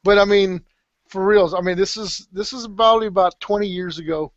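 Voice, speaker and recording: A man's voice: sits high, fairly even intonation, a little fast, no echo. A middle-aged man, rambling through a story on a podcast with many restarts and some swearing. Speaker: podcast guest telling a story. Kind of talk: casual storytelling. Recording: dull, slightly muffled podcast audio.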